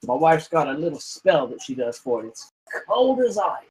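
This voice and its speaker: A man's voice: fairly high pitch, very animated, moderate pace, a little mellow, low-quality recording. A man doing a chatty tavern keeper. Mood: proud. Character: friendly male tavern keeper, proud of his water.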